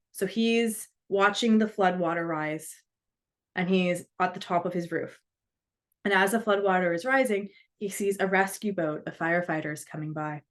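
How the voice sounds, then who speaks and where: A woman's voice: fairly low pitch, normal speed. Earnest woman telling a story. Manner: earnest, acts out quoted voices. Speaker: speaker. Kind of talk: storytelling talk.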